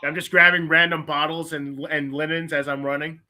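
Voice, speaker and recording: A man taking part in a tabletop game, eagerly describing his character's moves and calling out his rolls. His voice is very bright, sitting a little high. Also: level tone, brisk, faint music behind. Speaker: player.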